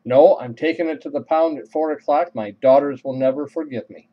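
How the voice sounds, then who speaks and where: A man's voice: fairly high pitch, fairly quick, natural voice. A stern middle-aged mother played by a man in a spoken story, firm and emphatic in her demands. She sounds proper and decided. The audio is muffled and lo-fi. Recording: dull lo-fi recording.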